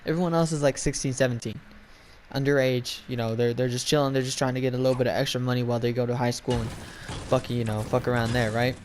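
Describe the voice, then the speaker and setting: A man's voice: medium pitch, fairly even intonation, fast talker, a little hiss or hum. A young man telling a profane, rambling story while gaming, full of filler words. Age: young adult. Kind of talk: casual rant while gaming.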